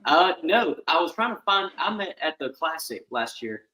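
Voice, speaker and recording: A man's voice: fairly high pitch, very animated, moderate pace, bright, forceful tone, reverberant, low-quality recording. A man on a podcast giving short, hesitant answers in casual chat.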